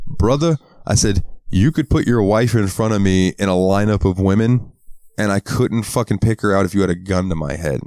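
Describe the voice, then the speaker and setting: A podcast co-host from the American South speaks at normal speed in a low, darkish-toned voice, spinning stories in a casual chat. He frequently swears and acts out quotes in a raised voice. The recording is dry, with clean studio sound.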